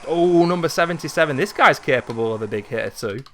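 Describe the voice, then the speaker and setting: A man in his thirties giving casual play-by-play of a retro hockey video game, chatty and wandering, jumping into excited calls. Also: fairly high pitch, quick pace, slight background noise. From Britain. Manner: chatty, drifts into memories, rises into excited calls at goals. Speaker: gaming video host.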